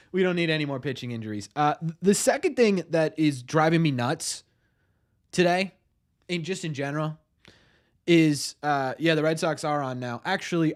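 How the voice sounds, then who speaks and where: A man hosting a casual live stream, greeting viewers in chat by name and ranting excitedly. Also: on the high side.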